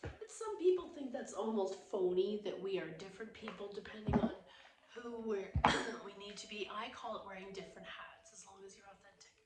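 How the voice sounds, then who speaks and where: A woman with a hoarse voice, reading reflections to a yoga class in a calm, gentle way. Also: mid-range voice, brisk. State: hoarse, losing her voice. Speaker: yoga teacher. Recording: roomy echo, distant mic, faint background noise.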